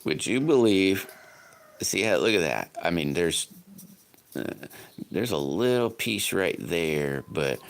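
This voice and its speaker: Gravelly-voiced, very low man rambling. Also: lively intonation, slow pace. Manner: rambling, folksy, chatty with restarts. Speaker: livestream host. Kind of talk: casual live-stream chat, answering comments.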